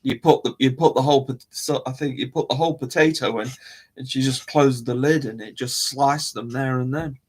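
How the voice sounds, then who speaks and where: A man's voice: medium pitch, steady tone, fairly quick, slightly rough. A man hosting a casual livestream, rambling to his chat and often trailing off and restarting his sentences. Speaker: livestream host. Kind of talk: casual live-stream chat.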